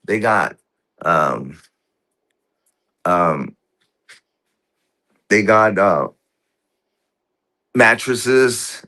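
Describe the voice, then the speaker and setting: A man telling a story as a guest in casual conversation, halting and restarting often, with rough, profane speech. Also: fairly low pitch, lively intonation, pushed and bright.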